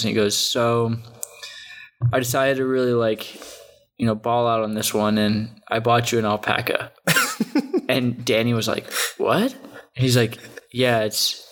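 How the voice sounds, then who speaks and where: A man's voice: medium pitch, flat delivery, normal speed, a bit bright. A young man telling a funny story in casual chat, laughing often and filling his talk with "like" and "dude".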